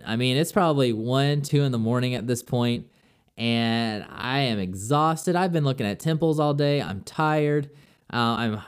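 Smooth-voiced young man telling a story. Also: medium pitch. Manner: chatty, loose storytelling with lots of "like" and "I'm like". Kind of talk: casual personal travel anecdote.

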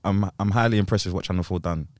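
A man's voice: low-pitched, fairly even intonation, fast talker, dry recording, studio quality. A young man chatting casually as a podcast co-host, laid-back and slangy, often restarting his sentences. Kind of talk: casual chat.

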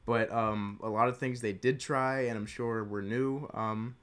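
A man's voice: medium pitch, fairly even intonation, unhurried, fairly bright tone, smooth. A young man co-hosting a podcast, giving a casual movie review with lots of hesitation and restarts. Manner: hesitant, many ums and restarts. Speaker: podcast co-host.

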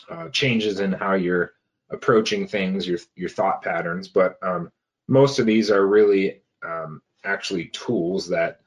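Low-voiced man hesitating through coaching. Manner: hesitant, many fillers and restarts. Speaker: health coach. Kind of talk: casual coaching talk.

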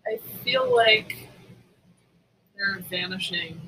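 A woman's voice: medium pitch, slow, pushed and bright, far from the mic, a little hiss or hum, rough recording. A woman co-hosting a casual podcast chat, with wry, teasing asides.

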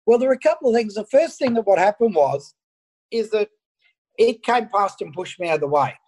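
An Australian man, a fishing photographer, telling an animated story over an internet call and acting out the dialogue. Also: high voice, fairly quick, low-quality recording. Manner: animated anecdote, acts out dialogue. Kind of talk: casual storytelling.

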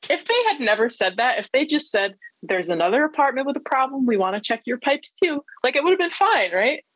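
Guest, a woman YouTuber: husky voice, lively pitch, quick to react, dry close mic. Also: no echo, low-quality recording. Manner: reactive, gasps and laughs along. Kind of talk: casual chat.

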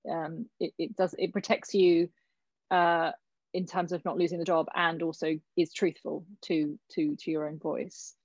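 A woman's voice: low-pitched, level tone, unhurried, darkish tone, dry recording. A woman talks through advice for an actor in a loose, chatty way, circling back on her words as she reassures. The sound is dry and a little dull, like call audio. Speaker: acting coach answering questions. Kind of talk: casual advice session.

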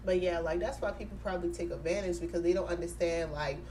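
A woman's voice: on the low side, fast, a little mellow, slight background noise. A woman in her twenties interviewing her co-host in a chatty, supportive way, with lots of fillers. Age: 20s. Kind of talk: casual chat.

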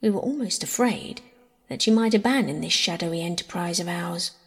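A woman reading the lines of an eager, frank young man in a brisk, candid way. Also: fairly low pitch. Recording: husky voice in long reverb.

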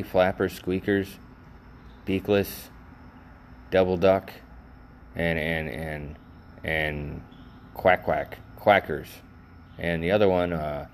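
A man's voice: deep voice, a little mellow, a little hiss or hum. A middle-aged man hosting a solo podcast, rambling goofily and laughing at his own jokes, sounding tired and worn out. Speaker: podcast host.

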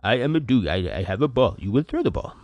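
Guy doing a goofy eager dog voice, way up high, simple choppy little phrases. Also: sing-song, no echo, muffled recording. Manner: simple halting dog talk.

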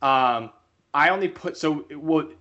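A man's voice: fairly high pitch, unhurried, lo-fi sound. Young man telling a story. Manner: animated, acts out quoted voices. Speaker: podcast co-host. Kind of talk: casual storytelling.

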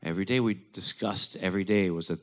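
A man's voice: sits low, quick pace. A man telling a candid personal story in a blunt, profane, conversational way.

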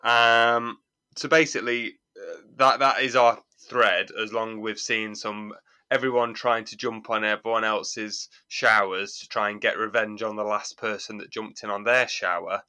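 A man's voice: on the low side, fairly even intonation, a little slow, bright, forceful tone, clean tone. A man, co-hosting a podcast, recapping an episode in rambling, amused casual chat. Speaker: podcast co-host.

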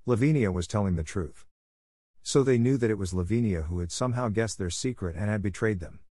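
A man narrating a classic novel as an audiobook in a steady, even telling. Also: lowish voice, brisk, no room sound, studio quality.

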